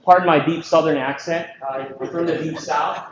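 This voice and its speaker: High-voiced man joking through a conference talk. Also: normal speed, a crowd in the background. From Philippines. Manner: lively, joking, full of rhetorical questions. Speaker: conference speaker. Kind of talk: energetic conference presentation. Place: large conference hall. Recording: echoey, dull hall recording.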